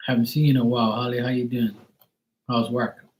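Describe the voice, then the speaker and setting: A man's voice: medium pitch, a little fast, slight background noise, poor audio. A middle-aged man hosting a livestream, chatting casually and greeting viewers by name. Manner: relaxed, chatty, reads out viewers' names. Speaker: tarot reader on a livestream.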